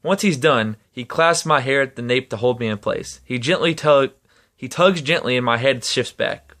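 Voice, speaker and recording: A man reading a novel aloud in his ordinary speaking voice. He keeps a steady pace and now and then trips over a word and starts the line again. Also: mid-range voice, normal speed. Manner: steady reading with occasional stumbles and restarts. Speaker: reader.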